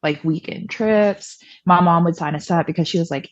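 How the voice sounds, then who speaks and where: A woman's voice: on the low side, normal speed, few pauses, no room sound, highs cut off. A young woman from the American South, chatty and self-deprecating, telling her personal story as a podcast guest and acting out past conversations.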